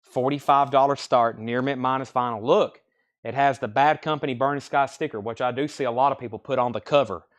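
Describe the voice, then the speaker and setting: A man's voice: mid-range voice, fairly even intonation, fairly quick. Casual man calling out record sale prices. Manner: rattles off titles and prices, stumbles over names; friendly and easygoing. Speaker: record seller running a live sale. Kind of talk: live-stream sales patter.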